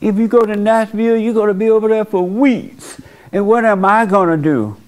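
A woman's voice: medium pitch, moderate pace, darkish tone, pitched above the performer's own voice, lightly acted. A man voicing a distraught, clingy mother who pleads with her grown son not to leave home. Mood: pleading.

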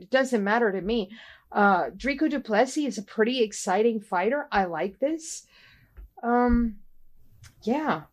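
Opinionated woman host of fight talk. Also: on the high side. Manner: opinionated, leads the segments. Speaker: MMA podcast host. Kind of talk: casual fight news chat.

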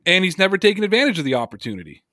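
A man's voice: high voice, very animated, rapid-fire, pushed and bright, no echo, studio quality. Emphatic man on a sports podcast. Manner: emphatic, repeats words for effect. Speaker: podcast co-host. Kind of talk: casual sports talk.

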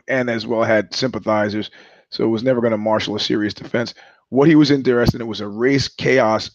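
A man's voice: medium pitch, dry recording. Male podcast host, sardonic rambler, dry muffled lo-fi sound. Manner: rambling, sardonic, with frequent restarts. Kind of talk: casual monologue.

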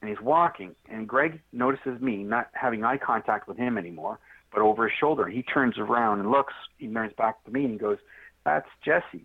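A man guest on a podcast interview telling a story in a straightforward, animated way and acting out the dialogue. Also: lowish voice. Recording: tinny phone line.

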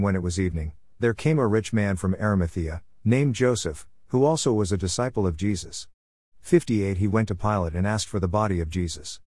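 Man with a lowish voice, dry close sound, steady scripture reading that calls out each verse number. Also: dry recording. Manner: measured, announces each verse number aloud. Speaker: Bible reader.

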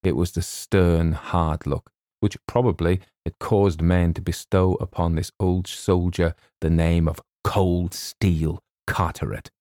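A man reading a comic short story aloud in a measured, wry storytelling manner. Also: low voice, little pitch movement, warm tone, no room sound, studio quality. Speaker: audiobook reader. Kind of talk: scripted narration.

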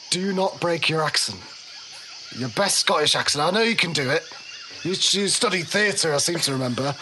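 Teasing game master. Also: male voice, a little high, noisy background. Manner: playful, teasing, halting with fillers. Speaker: game master and podcast host. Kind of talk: narrating a comedy tabletop game.

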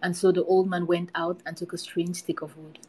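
A woman hosting a podcast, reading a folktale aloud in a steady storytelling manner. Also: on the low side, fairly quick, a little hiss or hum, rough recording. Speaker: podcast host.

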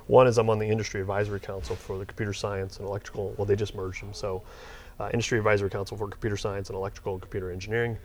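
Animated, rambling middle-aged man. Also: lowish voice, rapid-fire. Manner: rambling, animated, gets worked up retelling. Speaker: interview guest, software company owner. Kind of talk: casual storytelling interview.

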